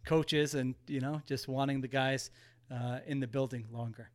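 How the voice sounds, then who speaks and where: A man's voice: medium pitch, fairly even intonation, moderate pace, a little mellow. A man co-hosting a sports podcast, chatting casually and tossing in sarcastic jokes. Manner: joking, sarcastic asides. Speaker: podcast co-host.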